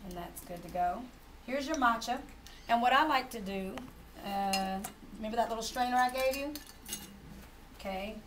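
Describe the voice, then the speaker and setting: Chatty woman demonstrating matcha from afar. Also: mid-range voice. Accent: African American Vernacular English. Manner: chatty, laughing, addresses group as y'all. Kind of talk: live cooking demonstration. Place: room with a group, kitchen sounds. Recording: distant mic with room noise.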